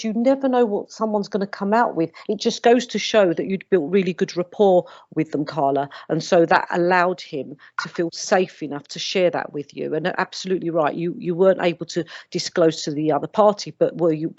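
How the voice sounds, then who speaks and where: A woman's voice: lowish voice, darkish tone, no echo, lo-fi sound. A woman, a mediator on a video panel, telling a case story earnestly with many hesitant restarts.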